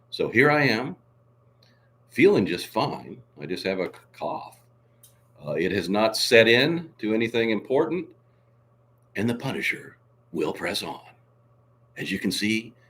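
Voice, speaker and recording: A hoarse man hosting a casual live stream, coughing now and then and reading out viewer comments in a showy way. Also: lowish voice, a bit bright, slight background noise.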